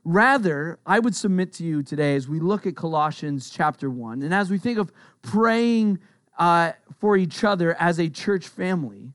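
A middle-aged man preaches to his church in an easygoing, conversational way, circling back to repeat his main phrases. His voice sits a little high and sounds dry and close, with no room echo. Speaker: pastor. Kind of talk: sermon.

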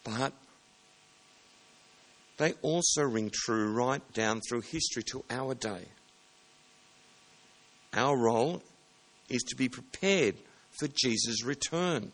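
Man preaching a relaxed sermon. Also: mid-range voice, slow pace, long pauses. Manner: plain conversational preaching with self-corrections. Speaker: pastor.

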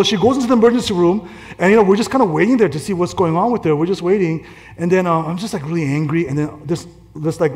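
A male pastor preaching a conversational sermon, telling stories in an animated way and laughing through them. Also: a little high. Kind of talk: storytelling sermon.

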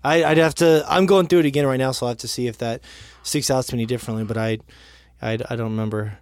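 A man co-hosting a gaming podcast, chatting in a relaxed, slightly hesitant way with small jokes. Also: mid-range voice, fast, no room sound. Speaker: podcast co-host. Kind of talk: casual chat.

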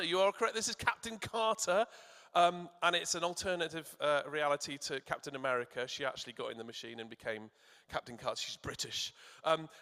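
A man preaching in a church, warmly encouraging and asking the children to call out answers. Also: fairly high pitch, big-room sound. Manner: encouraging, asks the audience to shout answers. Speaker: church speaker. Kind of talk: sermon with questions to children.

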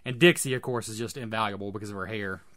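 A man co-hosting a casual podcast, talking through ideas in a relaxed, rambling way. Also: on the low side, fast talker. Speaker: podcast co-host. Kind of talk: casual chat.

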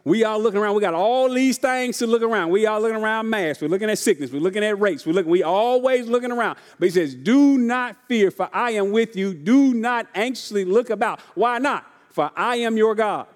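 High-voiced preacher in a reverberant church. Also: male voice, a little fast, few pauses. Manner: call-and-response preaching, often asks the congregation if they are ready; casual, folksy delivery with repeated phrases. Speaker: pastor. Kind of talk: sermon. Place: church sanctuary. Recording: long reverb of a large church hall.

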